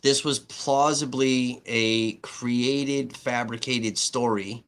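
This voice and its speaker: A man's voice: mid-range voice, slow pace, clean tone. A man hosting a livestream who tells a story in casual, profane talk and acts out the dialogue as he goes. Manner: animated retelling that acts out dialogue. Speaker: livestream host and independent writer.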